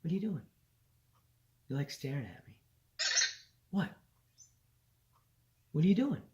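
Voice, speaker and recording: A man's voice: on the high side, very animated, unhurried, mellow, muffled recording. Man coaxing a toy robot like a pet. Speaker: hobby robot vlogger. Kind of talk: casual vlog, talking to a toy robot. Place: indoors at a home countertop.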